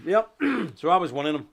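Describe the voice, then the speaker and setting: A man from Ulster with an Ulster Scots accent, hosting a live show in an animated, chatty monologue and chuckling often. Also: high voice, gravelly, husky. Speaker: host.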